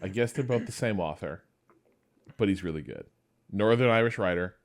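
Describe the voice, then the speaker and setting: A man's voice: fairly low pitch, moderate pace. A man co-hosting a podcast, chatting casually in a rambling, curious way. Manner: curious, rambling, full of fillers. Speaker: podcast co-host. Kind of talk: casual chat.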